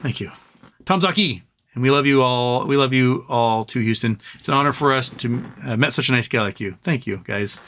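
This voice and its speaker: A man's voice: mid-range voice, moderate pace, fairly bright tone, slight background noise. A man hosting a casual charity livestream, reading viewer comments aloud and getting teary as he thanks them. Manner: emotional, tearful while thanking viewers; talks fondly to his pet between comments. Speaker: livestream host.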